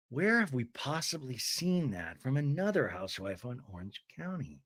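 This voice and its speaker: Animated, sarcastic male recap host. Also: medium pitch, normal speed, hardly any pauses. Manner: animated, sarcastic, gossipy retelling. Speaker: podcast host. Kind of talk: reality TV recap commentary.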